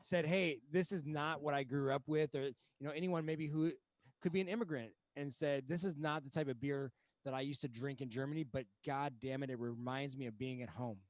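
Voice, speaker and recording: A man's voice: mid-range voice, fairly even intonation, a little fast, a little mellow, dry recording. A man hosting a casual talk show, asking long, joking questions. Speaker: host. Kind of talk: podcast interview.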